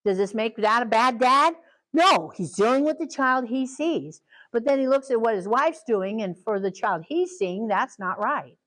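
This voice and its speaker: A woman's voice: a little high, expressive, normal speed, a bit bright, low-quality recording. An older woman teaching a parenting class in a chatty way, laughing often and acting out what children and parents say. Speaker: parenting trainer. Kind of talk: casual teaching talk.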